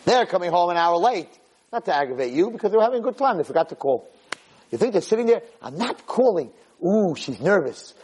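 A man giving a lively Torah lecture, who acts out scenes of shouting parents to make his points. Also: fast, slight background noise, rough recording. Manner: animated, acts out shouting parents in high pitch. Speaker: Torah teacher.

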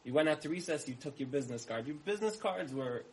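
A man's voice: a little high, lively intonation, fast, low-quality recording. A man giving a storytelling sermon, repeating key phrases for emphasis and acting out the dialogue of his story. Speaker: speaker giving a talk.

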